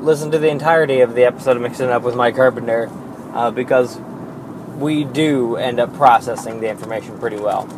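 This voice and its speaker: A man hosting his own podcast alone, rambling in a casual, self-deprecating way with lots of fillers and the odd swear word. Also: mid-range voice. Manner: slow and drawn-out. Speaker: podcast host. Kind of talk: casual solo podcast monologue. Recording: noisy background hiss.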